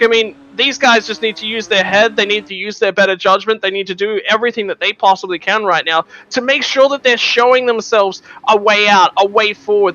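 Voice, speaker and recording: A man's voice: high-pitched, pushed and bright, dull audio, slight background noise. A man giving color commentary on an online race broadcast, chatty and full of "look" and "you know". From Australia. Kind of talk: sim racing commentary.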